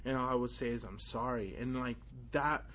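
Recounting a personal story, a young preacher delivers a casual, animated informal sermon full of fillers. His voice is medium-pitched and he talks a little fast.

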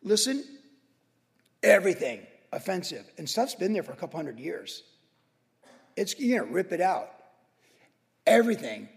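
A man with a high-pitched voice delivers an energetic, casual sermon, peppered with slang. His voice rings out with a long reverb in a church sanctuary. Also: normal speed, vocal fry, long pauses. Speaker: pastor.

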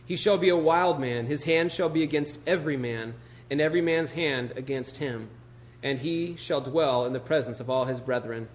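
A man's voice: mid-range voice, moderate pace. A male pastor preaching a casual, joking sermon and reading scripture, full of "you know" and "like".

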